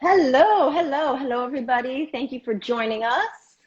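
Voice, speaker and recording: A middle-aged woman co-hosting a live stream as a contortion coach, upbeat and giving clear advice. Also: high-pitched, expressive, moderate pace, muffled recording. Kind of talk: casual live-stream chat. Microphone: remote live video call.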